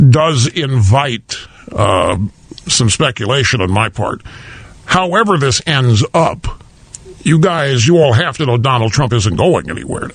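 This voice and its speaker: A man's voice: medium pitch, vocal fry, breathy edge, no room sound. A man hosting a talk radio show, emphatic and conversational, rephrasing a caller's point back to him. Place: radio studio. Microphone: studio microphone.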